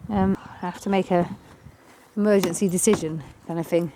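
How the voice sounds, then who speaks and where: A woman's voice: fairly low pitch, steady tone, brisk. A woman beekeeper chatting bluntly and coaxing her bees while she works on a hive outdoors in the wind. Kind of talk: casual hands-on commentary while working. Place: outdoors at beehives on a windy day. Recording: loud wind and bee buzzing behind.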